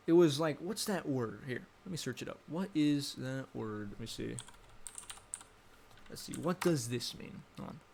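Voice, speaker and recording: A young adult man giving casual, rambling commentary, thinking aloud and correcting himself as he goes. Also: mid-range voice. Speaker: vlogger.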